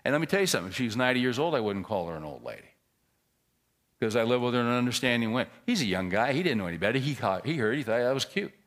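Male pastor, sermon delivery, lively pitch, punchy emphasis dropping to low asides. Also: very fast. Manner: animated storyteller, swings from loud emphasis to quiet asides.

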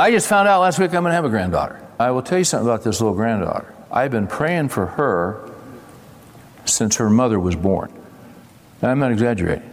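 An older man preaching a sermon in a folksy, conversational way, acting out bits of dialogue. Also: mid-range voice. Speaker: pastor. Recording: long reverb of a large hall.

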